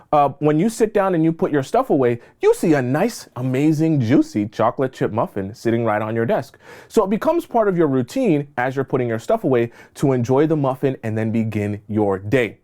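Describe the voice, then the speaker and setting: Emphatic man with a lively, high-ish voice. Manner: emphatic, acts out both sides of little scenes with squeaky high voices for the woman. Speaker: dating coach. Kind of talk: direct-to-camera advice monologue.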